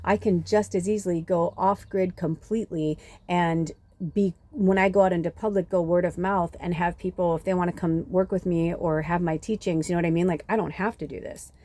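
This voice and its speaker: A woman's voice: on the low side, fairly even intonation, fairly quick, few pauses, dark tone. A woman spiritual reader in a casual, rambling monologue, swearing often and saying "like" a lot, recorded on a phone. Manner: rambling, frequent swearing, many "like"s.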